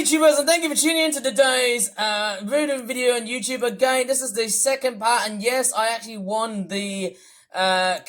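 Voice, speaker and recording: A YouTuber ranting and complaining in a vlog, throwing out insults, with a voice strained from yelling. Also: mid-range voice.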